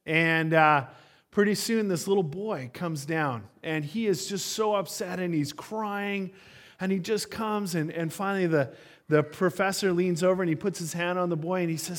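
Pastor guy giving a sermon, chatty storytelling, lots of uhs, kinda high voice. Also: normal speed, fairly bright tone. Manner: conversational storytelling with frequent fillers. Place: church.

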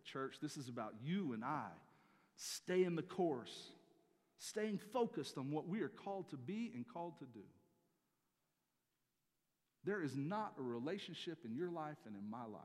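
Male pastor delivering a sermon; very expressive, punches key words then drops low, echoing sanctuary. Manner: animated, swings between loud emphatic peaks and quiet asides.

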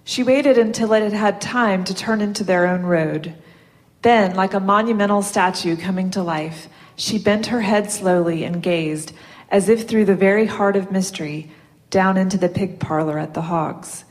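Woman reading a story out loud, steady and even, mid voice. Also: mid-range voice, normal speed. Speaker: reader.

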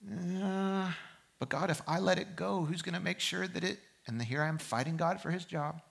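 A male pastor preaching a sermon with a bright, forceful voice. He pushes hard on his exhortations, then drops low and quiet to tell a story. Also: normal speed, vocal fry, breathy edge. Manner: impassioned preaching that swings from loud exhortation to quiet reflection. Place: church service.

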